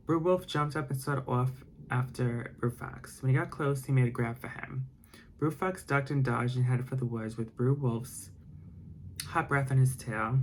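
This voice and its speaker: A man reading a storybook aloud in ASMR bedtime style, with a gravelly, crackly texture to his voice. His pitch sits in an ordinary middle range, and he drifts into soft, rambling asides between passages. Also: normal speed.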